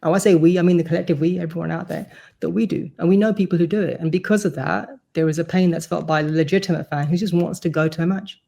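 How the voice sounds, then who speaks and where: A supporters' board vice-chair talks fast on a casual podcast, his voice on the high side, warm, steady, and touched with vocal fry. Earnest and talkative, he explains things at length.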